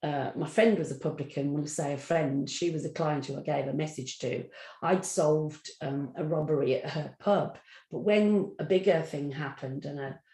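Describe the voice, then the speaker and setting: Chatty woman, gravelly low voice. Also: normal speed, warm tone. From English Midlands. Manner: chatty, acts out voices in her anecdotes. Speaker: guest psychic medium. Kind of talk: storytelling in an interview. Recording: roomy echo.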